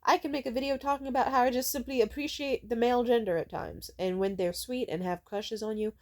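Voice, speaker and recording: A woman's voice: a little high, quick pace, darkish tone. A young woman ranting casually to camera, sarcastic and full of fillers, mocking the comments she quotes. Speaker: video creator.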